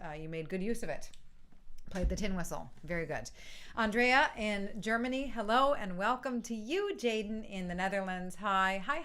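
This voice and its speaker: A woman's voice: medium pitch, a bit bright, clean tone. A woman hosting a live online music session from home, cheerfully greeting viewers by name and laughing often. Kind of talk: casual live-stream greetings.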